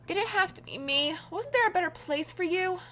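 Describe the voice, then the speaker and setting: A woman's voice: extremely high pitch, animated, a little fast, pushed and bright, voice pushed up, full character voice. Woman voicing a scared, pleading young woman. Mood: dismayed. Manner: tense, pleading. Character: frightened young woman, the game's heroine. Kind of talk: game voice reading.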